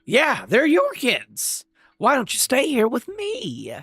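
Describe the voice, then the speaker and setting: A man voicing an adoring young mother who coos over her twin babies in a high, sweet put-on voice, reading a manga aloud. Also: wildly swooping pitch, slow, fairly bright tone, breathy edge, dry recording, clean studio sound, soft background music, full character voice. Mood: doting.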